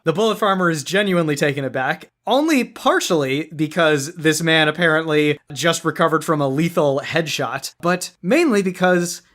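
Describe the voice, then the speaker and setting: A man spins his turn in a story game in loose, casual talk, full of little "like"s. His voice sits fairly high for a man. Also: moderate pace, hardly any pauses. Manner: relaxed, filler-laden storytelling. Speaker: player.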